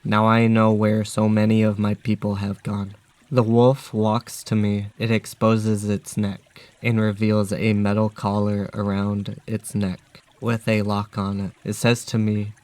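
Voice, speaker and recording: A man narrating a dark first-person story in a flat, even way. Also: fairly low pitch, measured pace, no echo.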